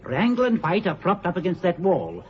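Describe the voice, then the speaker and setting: An actor playing a nervous, anxious villain's accomplice in a 1940s-style radio drama. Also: male voice, high-pitched, big pitch swings, moderate pace, slightly rough, exaggerated voice. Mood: uneasy. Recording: dull old radio recording.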